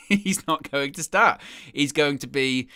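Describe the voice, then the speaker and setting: A man's voice: on the high side, takes it slowly, bright, forceful tone, no room sound, studio quality. A young man hosting a football fan live stream, chatting casually in a rambling, self-deprecating way and often repeating himself.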